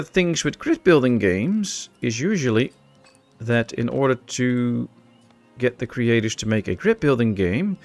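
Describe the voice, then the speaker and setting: A Dutch-accented man talks casually over a city-building game as a streamer, joking with his chat in a relaxed, easygoing way. His voice sits at an ordinary middle pitch with a noticeably gravelly, creaky edge. Soft game music plays faintly behind him. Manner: chatty, laid-back, answers chat with jokes. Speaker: gaming streamer. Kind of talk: live-stream gameplay commentary.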